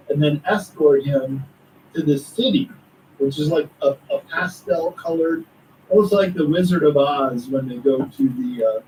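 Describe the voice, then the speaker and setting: An eager male storyteller who builds his account with asides like "get this." His voice is mellow and a little high. He sounds set back from the microphone, with a faint hiss under the talk. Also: far from the mic, poor audio. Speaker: author and guest. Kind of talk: conspiracy talk interview.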